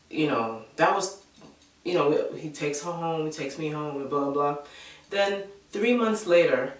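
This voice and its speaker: A woman vlogger telling a personal story in a casual, animated way. She acts out the voices of the people she quotes and fills gaps with "blah blah". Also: deep voice. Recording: echoey room, mic at a distance.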